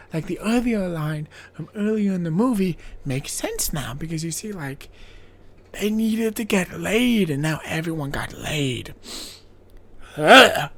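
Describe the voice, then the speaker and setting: A podcast host recapping a horror film in a casual, profane, rambling way, with sarcastic asides and laughing at their own jokes. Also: mid-range voice.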